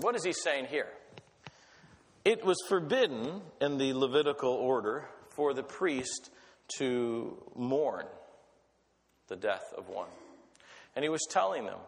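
A man preaching a sermon in an animated, conversational way, often asking his listeners questions. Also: mid-range voice, takes it slowly, long pauses, long reverb tail. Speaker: pastor.

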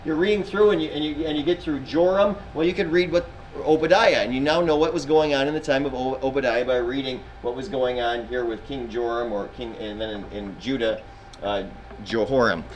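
A man's voice: medium pitch, fairly even intonation, fairly quick, low-quality recording. A man leads an informal Bible class in a classroom, in a mid-range voice. He talks in a loose, conversational way, throws questions out to the students and often backs up to restart a sentence. Faint noise sits under the recording.

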